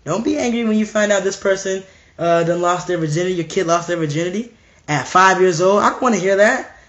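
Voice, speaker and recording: A man's voice: sits high, brisk, fairly bright tone, reverberant. A man preaching an emphatic, repetitive monologue full of rhetorical questions.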